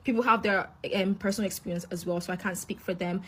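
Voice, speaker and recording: A woman's voice: mid-range voice, fairly even intonation, fast, a bit bright, husky. A woman with a Scottish accent talking casually and reflectively to camera. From Scotland. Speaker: content creator.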